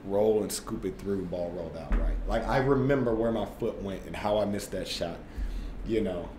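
Guy in his 30s, lowish voice, chatty storyteller, says like a lot, roomy echo. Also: normal speed, noisy background. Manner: animated, laughing, filler-heavy with frequent "like" and "right?". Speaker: guest, former basketball player. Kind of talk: casual storytelling in conversation.

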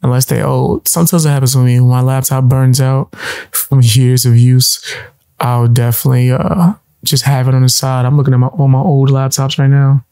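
A laid-back man co-hosting a casual chat, drifting into long asides. His voice is mellow and dark. The recording is dry and close. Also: medium pitch, little pitch movement, normal speed, clear, resonant tone, no echo. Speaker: co-host.

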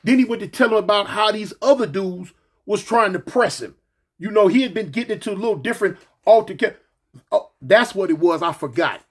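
Husky high-voiced man telling a story. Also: brisk. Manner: slangy, animated, acts out quoted voices. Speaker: storyteller recounting his past. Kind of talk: casual storytelling.

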